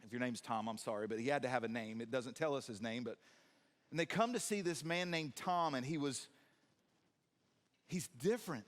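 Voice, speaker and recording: A man preaching a sermon in a church, animated and acting out scenes in different voices with jokes for the congregation. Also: medium pitch, normal speed, pauses often. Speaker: pastor. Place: church sanctuary.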